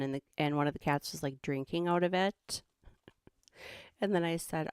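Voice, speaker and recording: A woman's voice: low voice, moderate pace, darkish tone, clean tone, no echo, studio quality. A middle-aged woman with a Minnesotan accent who hosts a livestream and chats casually in a rambling way, laughing often. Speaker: host.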